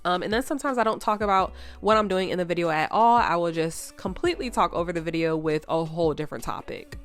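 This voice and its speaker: Stuffy-nosed chatty woman, low voice. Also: fast talker. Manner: chatty, says "y'all" and "like". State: stuffy nose. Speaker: nail tech vlogger. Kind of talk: casual chat over a tutorial. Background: soft background music.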